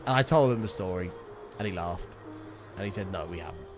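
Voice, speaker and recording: A man's voice: sits low, fairly quick, over music. A young man streaming, telling a rambling story and chatting casually, swearing freely. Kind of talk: casual livestream chat.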